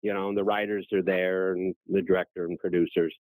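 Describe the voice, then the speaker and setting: A man's voice: deep voice, a little fast, no room sound, poor audio. A man in his eighties, a guest on a radio interview, telling anecdotes in a gracious way. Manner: gracious, anecdotal, animated when quoting others. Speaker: interview guest, former child actor. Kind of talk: storytelling in an interview.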